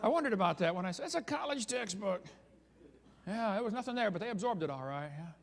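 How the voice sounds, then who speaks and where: A man's voice: high-pitched, lively intonation, racing, noisy background. Sarcastic man speaking in a reverberant hall. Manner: sarcastic, chuckling at own jokes. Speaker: creationist speaker. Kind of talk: humorous seminar talk.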